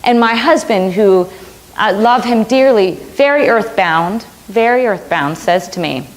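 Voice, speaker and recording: A woman's voice: mid-range voice, expressive, a little slow. A middle-aged woman minister giving a sermon, telling a personal story earnestly and repeating phrases for emphasis.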